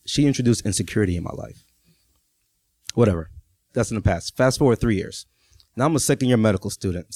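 Sharing a personal story before a live crowd, the Texas man in his thirties keeps things chatty and often checks in with his listeners. His voice sits on the low side with a darkish tone, and there's no room sound.

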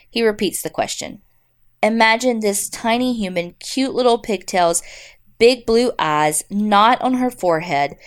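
A woman co-hosting a podcast, reading listener stories aloud and chatting in a blunt, wry way. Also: mid-range voice. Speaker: podcast co-host.

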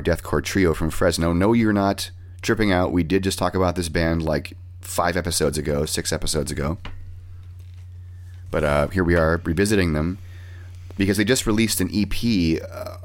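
A man with a very deep voice hosts a casual music podcast. He swears freely as he talks through bands and records. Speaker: podcast host.

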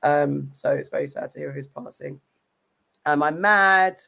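Woman podcast cohost, raspy-edged voice, lots of ums, bit under the weather. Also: sits low, moderate pace, sharp tone. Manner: chatty, rambling with many ums. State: just recovering from illness. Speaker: podcast co-host. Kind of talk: casual chat.

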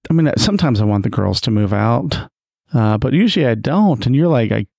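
A man in his forties who teases the others and cuts in without apology. His voice sits at a middle pitch and sounds dry and close. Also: expressive, fairly quick, creaky, a little mellow, no room sound. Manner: teasing, interrupts. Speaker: husband on a podcast. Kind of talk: casual banter.

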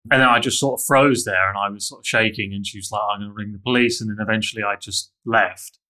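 A man's voice: lowish voice, fairly even intonation, fast talker, bright, forceful tone. A man telling a candid, self-critical personal story in an interview, with frequent restarts.

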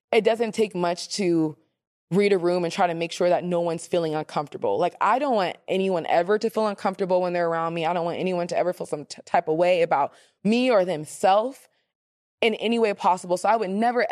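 A woman hosting a casual advice podcast, animated and sassy, reading listener questions and acting out the voices she quotes. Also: fairly low pitch, dry recording, clean studio sound.

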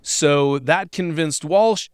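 A man with a fairly high, smooth voice recounting a story on a podcast. He speaks wryly and casually, with frequent "uh"s, in a dry, close recording. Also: slow, dry recording. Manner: wry, conversational, lots of fillers. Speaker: podcast co-host.

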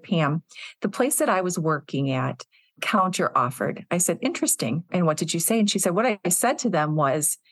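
Lowish-voiced woman, earnest guest. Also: no echo. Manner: earnest, conversational, storytelling. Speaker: executive director, podcast guest. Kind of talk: casual interview conversation.

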